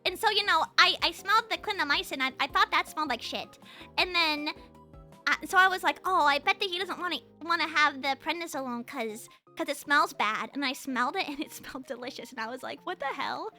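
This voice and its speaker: A woman's voice: sits high, a little fast, bright, forceful tone, faint music behind. A young woman streamer chatting casually to her viewers, rambling with lots of fillers and restarts. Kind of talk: casual livestream chat.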